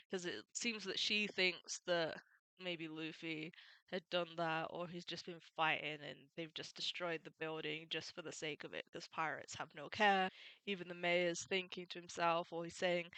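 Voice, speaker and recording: A woman's voice: on the low side, steady tone, unhurried, bright, forceful tone, clear, resonant tone, dry recording, low-quality recording. A woman retelling a comic story in a casual, chatty way, adding opinionated and fond asides. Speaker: manga recap YouTuber.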